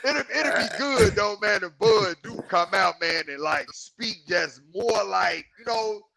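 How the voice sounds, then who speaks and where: Gravelly high-voiced man, rowdy banter. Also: measured pace, crowd noise, rough recording. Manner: excitable, rowdy, laughs and shouts often. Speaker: podcast panelist. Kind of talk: casual online chat.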